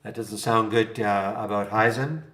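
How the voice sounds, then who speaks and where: A man's voice: fairly low pitch, fairly even intonation, unhurried, fairly bright tone. A man hosting a live trading stream, thinking aloud in a rambling, chuckling, casual way. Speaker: trading room host. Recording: roomy echo.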